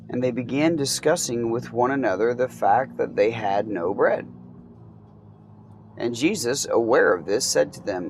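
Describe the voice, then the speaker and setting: Male Bible teacher, conversational and unhurried, recorded outdoors with faint traffic behind. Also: medium pitch, creaky, poor audio. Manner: relaxed, conversational, many ums and asides. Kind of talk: casual Bible reading and commentary.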